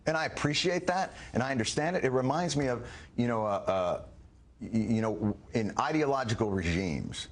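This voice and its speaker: A middle-aged man defends himself in a televised interview, his voice rising and falling widely as he argues. He talks emphatically and pushes back fast, pressing each point. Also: mid-range voice, expressive. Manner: emphatic, argumentative, quick rebuttals. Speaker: comedian and guest. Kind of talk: heated TV interview debate.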